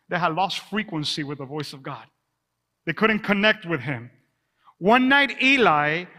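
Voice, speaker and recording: High, bright-voiced preaching man. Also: long reverb tail. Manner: animated preaching, reading scripture aloud. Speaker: pastor. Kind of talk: sermon. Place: church sanctuary.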